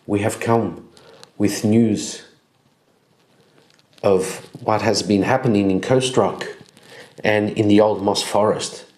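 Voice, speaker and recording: A man's voice: on the low side, fairly even intonation, slow pace, long pauses, a little mellow. A man doing a polite little harefoot messenger. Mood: respectful. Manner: formal, respectful. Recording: roomy echo.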